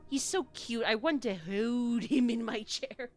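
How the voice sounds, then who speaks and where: A woman's voice: a little high, unhurried, no room sound, soft background music. A woman streaming a video game in casual, playful chat, who slips into baby talk when she talks to her dog.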